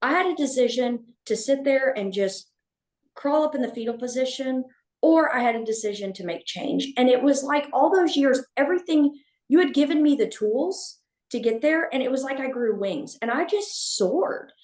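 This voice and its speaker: Halting, candid woman in an echoey room. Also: high voice, expressive, a little mellow. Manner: halting, with frequent restarts and fillers. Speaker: podcast guest, veterinarian. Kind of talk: candid conversational storytelling.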